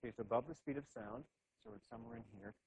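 A man's voice: medium pitch, very animated, very fast, vocal fry, darkish tone, slight background noise, poor audio. A man giving a classroom physics lecture at a board, thinking aloud with frequent restarts and "okay"s.

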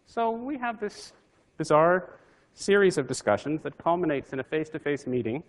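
A man's voice: fairly high pitch, sing-song, moderate pace. A physicist telling a wry anecdote from his career in a conversational talk to an audience.

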